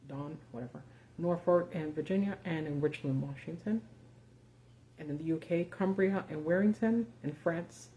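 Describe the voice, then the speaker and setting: A woman's voice: lowish voice, unhurried, dark tone, slight background noise. A woman hosting a live video, talking casually and sarcastically with lots of fillers and the odd swear word. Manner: casual and profane, sarcastic asides, many fillers. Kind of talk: casual live-stream commentary.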